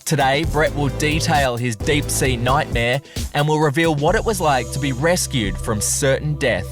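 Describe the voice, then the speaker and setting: A man's voice: mid-range voice, normal speed, music in the background. A man hosting a news podcast, narrating a survival story and then interviewing his guest. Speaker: podcast host.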